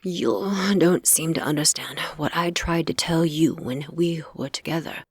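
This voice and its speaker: A woman's voice: low voice, a little slow, husky, dry recording, clean studio sound, heavily acted. Stern Fae king father, read by a woman.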